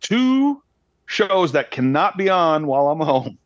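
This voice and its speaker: A man's voice: a little high, very animated, unhurried, no room sound, muffled recording. A man co-hosting a podcast, chatting casually in a joking, playfully indignant way. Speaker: podcast co-host, actor. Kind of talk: casual chat.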